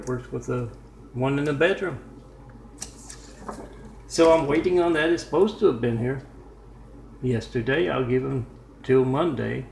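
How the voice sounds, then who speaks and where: Gravelly man rambling in an echoey room. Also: medium pitch. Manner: meandering, with many "uh" pauses and side remarks. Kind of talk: rambling home-made storytelling. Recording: echoey room with faint noise.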